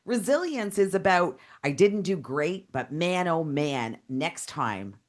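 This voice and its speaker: A woman's voice: on the low side, big pitch swings, slow pace. A female co-host in casual chat, speaking emphatically and reflectively. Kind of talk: casual talk-show chat.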